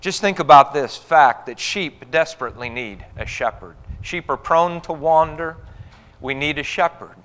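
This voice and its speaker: A man's voice: on the high side, normal speed, fairly bright tone, long reverb tail. A man preaching a sermon as pastor, earnest, with rising emphasis on quoted scripture.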